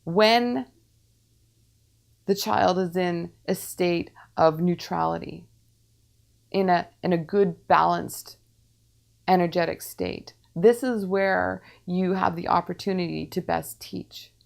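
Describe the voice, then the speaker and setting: Her voice low-ish and gravelly, a woman acting as a medium gives a channeled spiritual teaching. The delivery is measured, with phrases repeated and calm pauses throughout.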